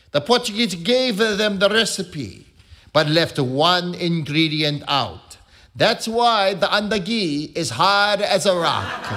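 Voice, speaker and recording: A man with a high, bright voice works through his jokes in character as a churchman. He takes his time and lets each line land before he goes on. The delivery is a stand-up routine, built on pauses before each punchline. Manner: slow, deliberate joke delivery with punchline pauses. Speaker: comedian in a cardinal persona. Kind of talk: stand-up joke telling.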